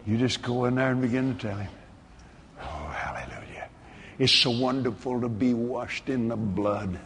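A man preaching a sermon, moving between hushed tones and exuberant shouting. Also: mid-range voice, animated, normal speed. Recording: reverberant hall, faint ambience.

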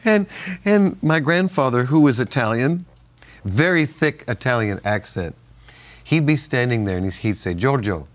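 Older male co-host with a lively, swinging voice. Animated storyteller who laughs often on a Christian talk show. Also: mid-range voice, normal speed. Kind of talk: casual chat with storytelling.

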